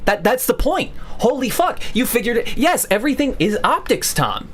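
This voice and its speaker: A man's voice: very high voice, very animated, moderate pace, fairly bright tone. A male streamer ranting to his livestream chat, profane and sarcastic. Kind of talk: livestream rant.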